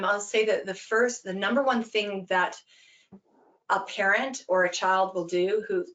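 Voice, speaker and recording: A woman giving an earnest, emphatic webinar talk, explaining with quick examples over a video call. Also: medium pitch, fairly even intonation, fairly bright tone, lo-fi sound. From Canada. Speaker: webinar speaker, anti-bullying program founder.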